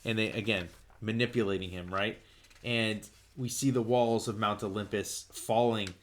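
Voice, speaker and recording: A man hosting a comic book podcast, retelling a story in a loose, excited way, full of fillers and restarts. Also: fairly low pitch, moderate pace. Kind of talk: casual comic book recap.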